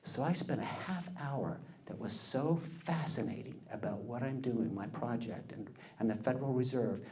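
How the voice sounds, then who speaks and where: A man giving a storytelling speech, lively and acting out the people he quotes. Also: mid-range voice, normal speed, slight background noise. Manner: animated, acts out quoted people. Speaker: public speaker.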